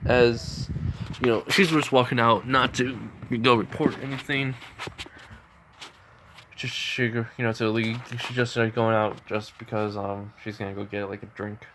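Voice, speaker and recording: A man's voice: medium pitch, flat delivery, moderate pace, noisy background. A man casually retelling a fan story, rambling with lots of fillers.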